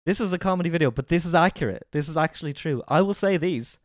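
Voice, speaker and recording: A man's voice: a little high, expressive, fast talker, no room sound, studio quality. A man with a light Irish accent chatting casually and jokingly as a streamer. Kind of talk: casual live-stream reaction chat.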